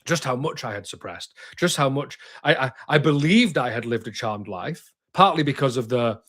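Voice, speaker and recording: A man's voice: mid-range voice, lively intonation, moderate pace, a bit bright. Blunt, emphatic male therapist. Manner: direct, emphatic, swears, frequent restarts. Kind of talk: candid conversational interview.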